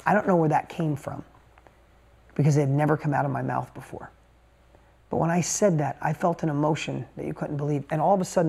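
A man's voice: on the high side, vocal fry, a little mellow. A middle-aged man giving an emotional, emphatic motivational talk, telling a personal story and repeating words for punch. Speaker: motivational speaker.

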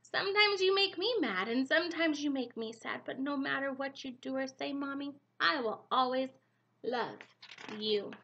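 A small male chick from a children's storybook, eager and anxious for love, as a woman reads him aloud. He pleads in a high, lifted voice, and his questions rise as he asks. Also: normal speed, gravelly, bright, forceful tone, muffled recording, a little hiss or hum, heavily acted. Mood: loving.

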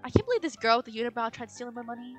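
A young woman hosting a casual let's-play, talking in an excitable, dramatic and playful way. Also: a little high, racing, faint music behind. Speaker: gaming channel host.

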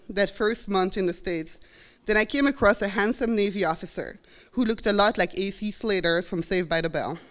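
A woman's voice: mid-range voice, a bit bright. A woman in her forties from Belgium with a Belgian French accent, reflectively telling a personal story on stage. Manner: earnest, reflective, acts out quoted voices. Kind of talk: live storytelling performance. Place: college stage before an audience.

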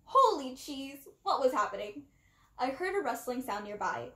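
A woman reading a children's storybook aloud, animated and acting out the narrator. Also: a little high, moderate pace. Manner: animated, acts out the first-person narrator. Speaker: storybook reader. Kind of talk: expressive storybook read-aloud. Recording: roomy echo.

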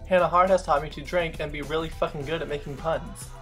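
A man's voice: on the high side, fairly even intonation, fast, bright, forceful tone, faint music behind. A young man hosting a comedic vlog, sarcastic and self-mocking, swearing freely. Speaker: vlogger.

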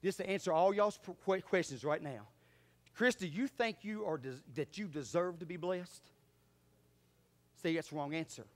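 A man's voice: lively intonation, moderate pace. A man preaching a sermon in church, fervent and calling out to his congregation. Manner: fervent preaching that swings from loud exhortation to low asides. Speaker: pastor. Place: church sanctuary.

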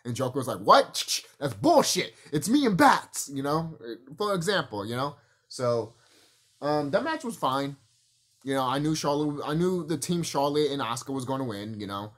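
Male vlogger, very animated pitch, swearing freely in a loose rambling rant. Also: moderate pace. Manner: profane, animated, rambling with restarts and laughs. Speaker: wrestling commentary vlogger. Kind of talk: casual opinion rant.

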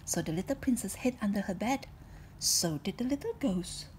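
A woman reading a children's picture book aloud in a soft, gentle narrating voice. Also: medium pitch, expressive, moderate pace, background noise. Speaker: story reader.

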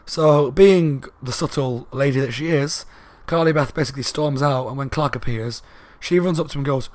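A man talks his way through a book review in a casual, rambling manner, quick and loud. His voice sits at an ordinary middle pitch. The recording is dry and close, with little room sound. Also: no room sound. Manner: fast and loud talker; rambling, with fillers and asides.

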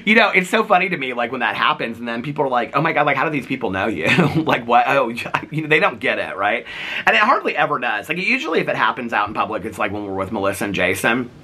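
A man's voice: medium pitch, fast. A man in his forties, chatting casually to camera as a vlogger, full of fillers and acting out the people he quotes. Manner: animated, voices people he quotes.

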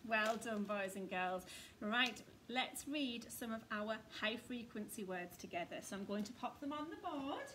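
Lady teacher doing phonics for little kids, high voice, faint hiss behind. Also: expressive. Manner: slow, sing-song and encouraging, speaking to small children. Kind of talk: phonics lesson for young children.

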